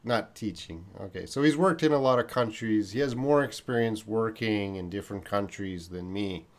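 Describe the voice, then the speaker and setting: A man's voice: lowish voice, moderate pace. A Canadian man hosting a casual English-learning live stream, reading viewer comments aloud. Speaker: host.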